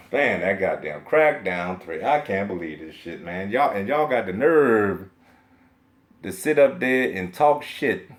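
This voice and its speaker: A young man on a live stream, venting about video games. His voice swings widely in pitch while he stays mid-range overall, and he talks in a profane, emphatic rant full of repetition and short laughs. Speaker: gaming streamer.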